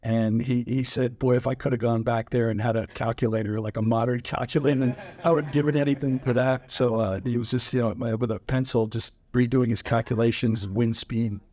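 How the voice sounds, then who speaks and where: A man's voice: medium pitch, steady tone, brisk, few pauses, darkish tone. A man moderating a panel, explaining history in a conversational way with many fillers.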